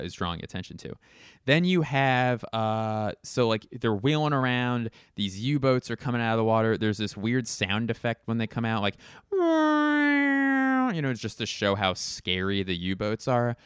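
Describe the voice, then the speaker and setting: Sardonic low-voiced man rambling. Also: fairly bright tone, smooth, no echo, studio quality. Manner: rambling, sardonic, swears casually. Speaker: podcast host. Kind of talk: casual comedic monologue.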